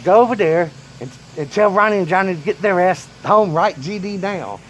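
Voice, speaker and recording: A man voicing his short-tempered old grandfather, who yells and cusses gruffly. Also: a little high, sing-song, quick pace, a little hiss or hum. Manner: yelling, gruff and profane.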